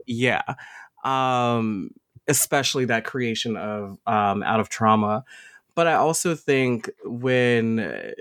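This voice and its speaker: A man on a podcast, giving his view in a measured, thoughtful way. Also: mid-range voice, fairly bright tone, clean tone, no echo, clean studio sound. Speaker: podcast co-host. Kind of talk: casual discussion.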